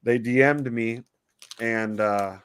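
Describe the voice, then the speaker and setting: Man, podcast co-host, casual chat, excitable, swears, mid-pitched voice. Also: takes it slowly, clear, resonant tone. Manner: profane, excitable, swears freely.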